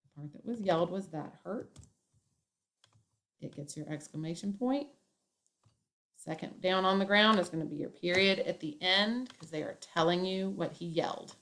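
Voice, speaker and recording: Woman teacher, lower-pitched, walks a class through punctuation step by step. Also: moderate pace, pauses often, fairly bright tone. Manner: step-by-step, acts out example lines with emphasis. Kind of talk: classroom grammar lesson.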